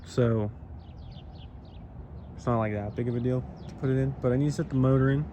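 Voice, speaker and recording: A man's voice: mid-range voice, fairly even intonation, brisk, noisy background. Rambling joking man in a garage. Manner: rambling, joking, calls viewers son. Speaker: car builder vlogger. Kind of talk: casual garage walkthrough.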